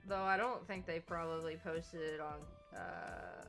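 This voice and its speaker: Slow-talking giggly woman streamer. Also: low-pitched, sing-song, gravelly. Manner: giggly, laughs often. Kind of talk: casual chat on a game stream. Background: background music.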